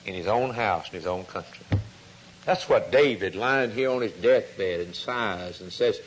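A man's voice: measured pace, a little hiss or hum, low-quality recording. A man preaching a sermon, telling a story and acting out the quoted voices. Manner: storytelling preacher, acts out quoted voices, rises in pitch when stirred.

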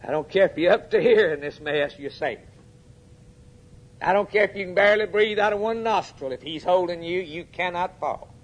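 A man preaching with fervent, emphatic delivery. His voice sits a little high for a man, and he swings from hushed, dropped lines to sudden loud urgent peaks. He asks his listeners questions directly. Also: normal speed. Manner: addresses the congregation directly with questions. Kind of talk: sermon.

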